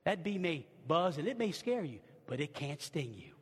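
An older male preacher voicing a gentle young mother who soothes her frightened little daughter in a soft, coaxing tone. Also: medium pitch, sing-song, measured pace, slightly rough, pitched below the performer's own voice, full character voice. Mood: soothing. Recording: long reverb of a large church hall.

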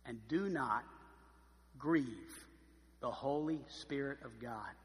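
A man preaching a sermon as pastor, emphatic and swinging from quiet, slow stress to loud emphasis. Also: mid-range voice, in a large hall.

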